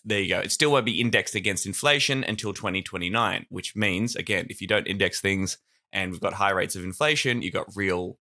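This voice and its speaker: A man's voice: deep voice, brisk, bright, forceful tone. A man with an Australian accent co-hosting a political podcast, explaining policy with wry humour and frequent laughter. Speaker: podcast co-host. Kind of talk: casual political chat.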